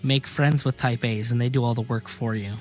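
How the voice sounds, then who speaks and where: A man hosting a podcast, chatting casually with halting restarts and casual swearing. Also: medium pitch, fairly even intonation. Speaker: podcast host. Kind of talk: casual interview chat.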